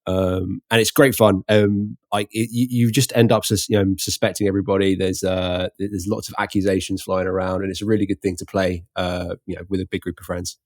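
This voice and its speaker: Producer type, male, lower voice, halting casual delivery, dry sound. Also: flat delivery, a little mellow, no echo. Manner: hesitant, lots of fillers. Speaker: podcast producer. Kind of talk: casual podcast chat.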